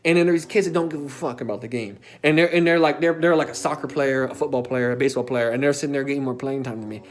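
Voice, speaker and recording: A man's voice: medium pitch, fast. A young man telling a personal story in a casual, emphatic way, as a self-development coach. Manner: casual and emphatic, with frequent filler tags and swearing.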